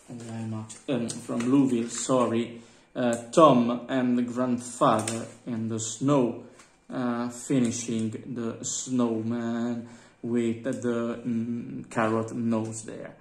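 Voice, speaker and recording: A man, chatting casually in a collector vlog, halting with many fillers and calling his viewers guys. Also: mid-range voice, a little mellow. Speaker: vlogger. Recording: roomy with faint background noise.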